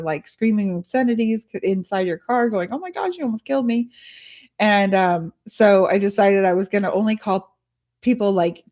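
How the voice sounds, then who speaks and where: A woman hosts a live art studio tutorial stream, chatting casually with viewers, laughing a lot, and thinking aloud as she works on screen. Her voice is medium-pitched and a bit mellow.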